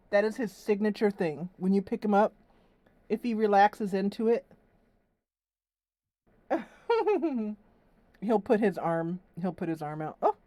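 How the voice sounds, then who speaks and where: A woman's voice: medium pitch, dark tone, no echo. A young woman hosting her gaming livestream, chatting casually and laughing often. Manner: chatty and giggly, with frequent laughs. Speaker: gaming channel host.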